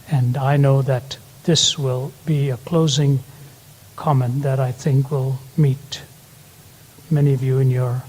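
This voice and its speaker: A man's voice: medium pitch, breathy edge. Older male preacher with hall reverb. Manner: earnest storytelling, rising to emphatic peaks. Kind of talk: sermon.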